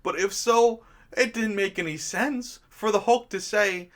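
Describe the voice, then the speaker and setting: A man's voice: high-pitched, measured pace, a bit bright. A man hosting his own channel, giving a casual, sarcastic film review rant and chuckling often as he mocks scenes.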